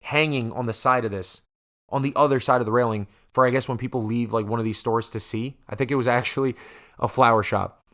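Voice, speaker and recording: A man's voice: medium pitch, fairly quick. Profane young man telling a story. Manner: animated, profane, acts out quoted voices. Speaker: podcast host. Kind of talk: casual solo storytelling. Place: podcast studio.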